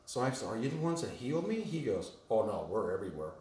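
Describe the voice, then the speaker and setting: A man telling a rambling, animated story to a small group in casual chat, laughing often. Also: medium pitch, fast talker, a little hiss or hum. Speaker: retreat guest telling his story. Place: home on a mountain top. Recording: roomy sound from far off.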